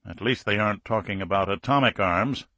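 A man reading an audiobook, voicing a gruff older Soviet ground forces commander who speaks in terse lines. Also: lowish voice, a little fast, pushed and bright, dry recording.

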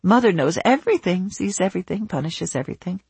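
A woman's voice: fairly low pitch, sing-song, normal speed, slightly rough, no room sound, full character voice. A narrator voicing a confused older woman who drifts into a dreamy sing-song way of speaking, in a dry, close recording.

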